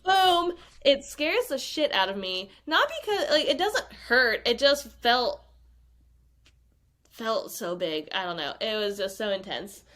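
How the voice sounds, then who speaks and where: A woman's voice: a little high, very animated, measured pace, a bit bright. A woman, a podcast guest, telling a personal story in casual talk and acting out her own past lines. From United States.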